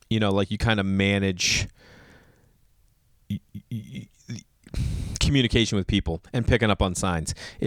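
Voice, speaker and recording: A man's voice: medium pitch, clean tone, no room sound, studio quality. A man in his thirties telling a comic story, acting out other people's voices and swearing freely. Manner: animated, acts out quoted voices, swears. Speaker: comedian host. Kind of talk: storytelling monologue.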